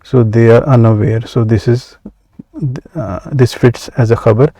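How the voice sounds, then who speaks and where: Slow-paced man teaching Arabic grammar. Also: medium pitch, steady tone, warm tone, dry recording. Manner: measured, many "uh" pauses, slow deliberate explanation. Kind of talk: explaining grammar from a workbook.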